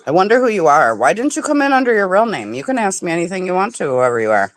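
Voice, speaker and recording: A woman chatting casually on a livestream, animated and swearing freely as she tells stories. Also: lowish voice, fast. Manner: animated, swearing, talks with mouth full. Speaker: livestream guest. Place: home.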